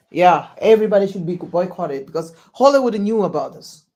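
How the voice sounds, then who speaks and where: A live-stream host reacting to news and reading out viewer chat, halting with many restarts and sudden loud exclamations. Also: mid-range voice, lively intonation.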